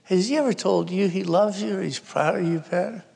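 A woman's voice: extremely low pitch, little pitch movement, moderate pace, creaky, a little mellow, in a large hall, exaggerated voice. A man voicing a distraught grown woman, a poet, desperately pleading with her dying father. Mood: weeping, pleading. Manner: screaming, desperate.

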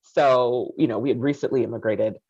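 A woman's voice: very deep voice, brisk, husky. Passionate Haitian-born woman storyteller. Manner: passionate, animated, acts out quoted voices. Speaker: speaker telling her life story. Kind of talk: personal storytelling talk. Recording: dull lo-fi recording.

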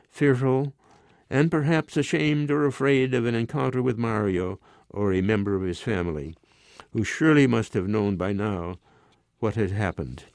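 A man in his nineties reading aloud his own short story in a measured, expressive way. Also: fairly low pitch, no echo, clean studio sound. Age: 90s.

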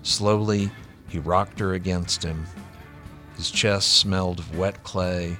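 A male author reading his own novella aloud and talking about writing it, with a measured, deliberate delivery. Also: low-pitched, fairly even intonation, pushed and bright, faint music behind.

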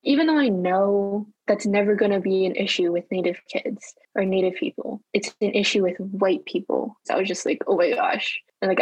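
A young woman from Hawaii speaks with a light Hawaiian accent, chatty and candid, breaking into easy laughter. Her voice sits at a middling pitch. The recording is dry and close, with no room sound. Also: a little mellow, slightly rough, no room sound, poor audio. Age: young adult. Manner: chatty and candid, laughs easily, quick bursts. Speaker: university student guest. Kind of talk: casual interview conversation.

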